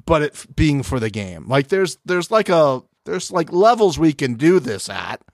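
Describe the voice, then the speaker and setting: A man's voice: on the high side, big pitch swings, moderate pace, no echo, clean studio sound. A man co-hosting a podcast in casual chat, joking with playful sarcasm. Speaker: podcast co-host.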